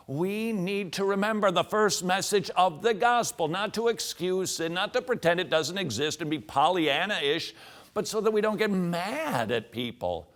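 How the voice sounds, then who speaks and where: A middle-aged man delivers a Christian teaching monologue with a lively, sing-song delivery. His pitch sits a bit high for a man. He keeps slipping into mock scolding voices to act out quotes. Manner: animated, acts out scolding quotes in funny voices. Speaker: radio and TV host.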